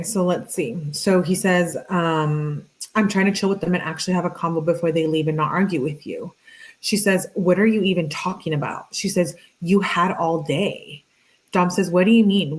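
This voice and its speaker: A woman's voice: on the low side, moderate pace. A young adult woman reading out text messages between two people, adding sarcastic commentary as a true crime host. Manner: reads both sides flatly, interjects sarcastic asides.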